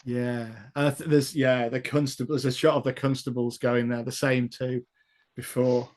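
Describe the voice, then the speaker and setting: A man's voice: mid-range voice, level tone, moderate pace, a little mellow. A man running and narrating a tabletop role-playing game, telling the story loosely with fillers and laughs. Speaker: game master.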